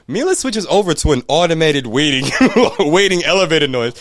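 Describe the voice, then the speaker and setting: A man's voice: on the high side, brisk, dry recording, clean studio sound. A man co-hosting a casual podcast, telling a story with lots of swearing and quoted back-and-forth. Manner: profane, animated retelling with quoted voices. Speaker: podcast co-host.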